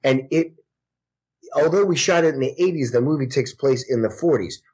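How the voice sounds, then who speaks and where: A man in his forties, a guest actor, telling stories in casual podcast chat with a lively, profane manner. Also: mid-range voice, moderate pace, breathy edge. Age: 40s. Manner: profane, animated storytelling.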